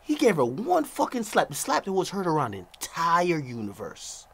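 Guy on a stream going off about a clip, high bright voice, swings all over. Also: moderate pace, gravelly, breathy edge. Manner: animated, profane, loud asides. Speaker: streamer reacting to a video. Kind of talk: profane reaction rant.

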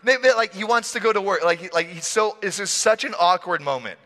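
Playful, animated pastor mid-sermon, a man with a slightly high, bright voice. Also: fairly quick. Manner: animated, playful, laughing storyteller. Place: church hall. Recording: long church hall reverb.

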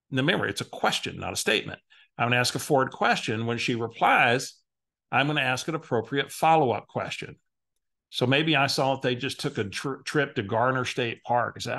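Man, middle-aged, sales coach, training video, instructive, gravelly voice. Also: mid-range voice, moderate pace, a bit bright. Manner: instructive, acts out sample phone calls. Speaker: real estate sales coach.

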